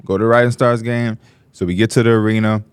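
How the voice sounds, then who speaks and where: Quick, clear and resonant, this man's voice comes through a dry recording. He's a podcast co-host telling stories in relaxed conversation, animatedly impersonating quoted people with large pitch swings.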